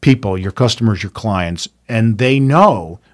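A man's voice: lowish voice, expressive, measured pace. A man, a building contractor, giving advice in a casual conversation, repeating phrases for stress and stacking points in lists.

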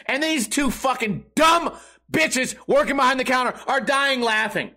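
A man's voice: very high-pitched, moderate pace, bright, forceful tone. A man telling a comic story in a sarcastic, exaggerated, profane rant.

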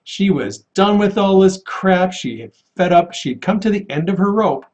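A man telling a faith testimony from his paramedic work, animated and laughing often as he acts out the voices he quotes. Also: sits high, normal speed. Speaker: paramedic and guest sharing a testimony. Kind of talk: casual storytelling testimony.

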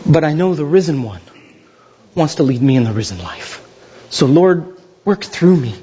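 A man in his thirties preaching a sermon as pastor, swinging from loud, high exclamations to slow, hushed pleading. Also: very animated, husky, dull audio.

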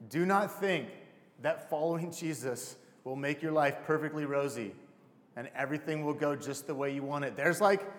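A man's voice: on the high side, moderate pace, big-room sound. A man preaching a casual, heartfelt sermon to a congregation, calling them "you guys". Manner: casual, emotional, addresses crowd as "you guys". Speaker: pastor.

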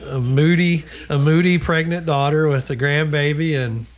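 A man's voice: fairly high pitch, normal speed. An older man with grandchildren telling a travel story in a casual chat, acting out the voices of the people in it. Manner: animated storyteller acting out quoted dialogue.

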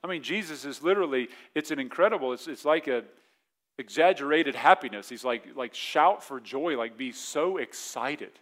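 A man in his forties preaching a sermon as pastor, in a conversational way, acting out quick voiced asides. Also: mid-range voice, expressive, a bit bright.

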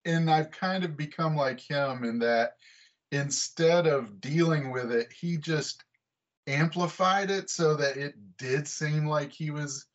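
A man in his forties guesting on a podcast, his voice a touch higher than most men's. He talks haltingly and self-deprecatingly, repeating words and chuckling. The sound is dull and lo-fi, as over a video call. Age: 40s. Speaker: guest comic artist. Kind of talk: casual interview chat. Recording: dull lo-fi remote call audio.

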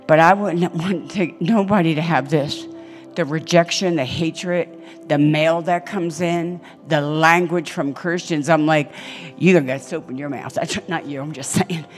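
An older woman preaching a sermon on a church stage, telling stories emphatically with sudden loud peaks. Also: lowish voice.

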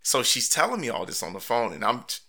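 A man's voice: mid-range voice, sing-song, quick pace, gravelly, pushed and bright. A man, a husband and father, tells his side of a family story in a rambling way, full of fillers and restarts. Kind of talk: personal story interview.

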